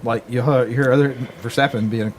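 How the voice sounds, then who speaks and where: A laid-back man with a mid-pitched voice makes wry remarks in a casual talk stream. A faint hum of noise sits behind him. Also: fairly even intonation, fast. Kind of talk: casual chat.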